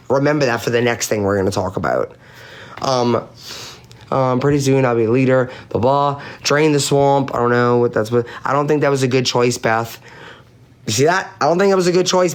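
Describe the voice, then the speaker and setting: Man, live-stream panelist, casual chat, blunt, swears a lot, reads chat messages aloud, repeats points, mid pitch. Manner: emphatic, repeats points for effect. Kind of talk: casual chat recounting online drama.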